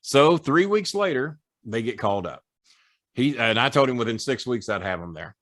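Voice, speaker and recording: A middle-aged former wrestling manager, guesting on a podcast, tells boastful, profane stories with animated flair. His mid-range voice moves at a moderate pace, and the recording is clean studio sound with no room noise.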